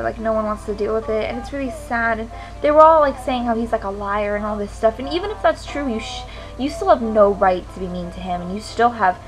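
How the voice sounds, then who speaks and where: A woman's voice: medium pitch, poor audio. A teenage girl venting to camera in a frustrated, swearing rant. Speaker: vlogger. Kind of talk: ranting to camera.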